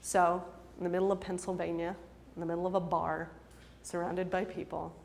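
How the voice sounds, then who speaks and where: A woman's voice: on the low side, level tone, fairly quick, creaky, a little mellow, slight background noise. Chatty woman telling a story in a hall. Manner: chatty, self-deprecating, laughs often, many fillers. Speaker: storyteller and improv performer. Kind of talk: personal storytelling talk. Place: lecture hall. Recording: long hall reverb.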